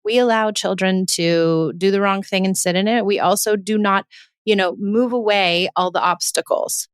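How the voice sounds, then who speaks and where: A woman's voice: medium pitch, fairly even intonation, moderate pace, clear, resonant tone, no echo, clean studio sound. A woman, hosting a parenting podcast in an earnest, emphatic monologue that keeps repeating her points.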